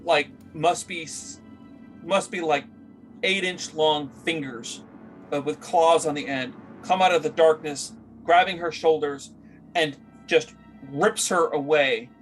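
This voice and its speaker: A man's voice: on the high side, slow pace, faint music behind. A man narrating as game master for a tabletop game, rambling with many fillers as he searches for words.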